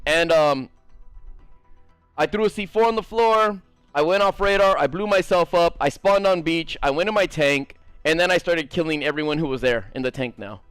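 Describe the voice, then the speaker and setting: High-voiced, profane male gaming streamer. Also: smooth, no echo, faint music behind. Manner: animated, profane, fast-rambling. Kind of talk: casual storytelling stream chat.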